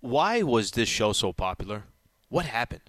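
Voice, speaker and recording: A man co-hosting a sports radio show, chatting casually and musing aloud, his pitch climbing when he pushes a point. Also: very animated, moderate pace, crowd noise.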